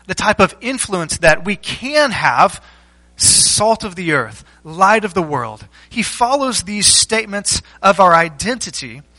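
Bright-voiced preacher giving a measured sermon. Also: male voice, sits high, rough recording. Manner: structured teaching with rhetorical questions and deliberate pauses. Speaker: pastor.

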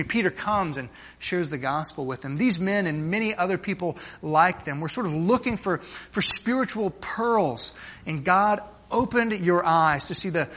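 A man preaching a sermon to his congregation, earnest and direct, often restarting phrases and slowing down to stress key words. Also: a little high, bright, forceful tone. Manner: earnest, with frequent restarts and slowed emphasis. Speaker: pastor.

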